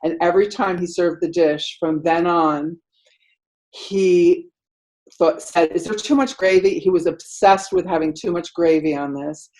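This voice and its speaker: A middle-aged woman telling a rambling story in casual chat, acting out quotes loudly with lots of "like". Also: lowish voice, measured pace, rough recording. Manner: animated, acts out quotes loudly; rambling, many "like" fillers.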